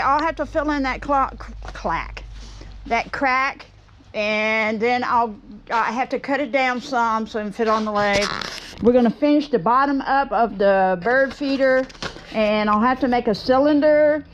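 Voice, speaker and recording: Rambly lady talking wood out in her workshop, kinda high voice, faint outdoor hum behind. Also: muffled recording. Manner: chatty and rambling, talks to viewers and shoos a bee. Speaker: woodturning vlogger. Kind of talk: casual chat while working in a workshop.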